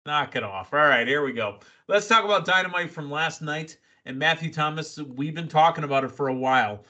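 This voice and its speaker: A man hosting a casual wrestling recap podcast, excitable and quick with asides and laughs. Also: fairly high pitch, dull audio. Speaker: podcast host.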